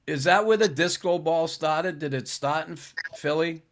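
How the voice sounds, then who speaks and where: A man's voice: on the high side, normal speed, a bit bright. A man hosting a sports podcast, asking leading questions in a casual chat and laughing often at his guest's stories. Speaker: podcast host, former hockey player.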